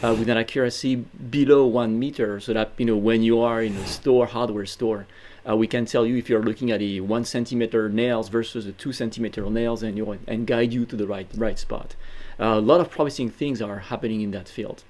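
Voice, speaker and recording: A man with a French accent, a guest in an interview, talking in a modest and relaxed way. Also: fairly low pitch, fairly quick. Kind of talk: interview conversation.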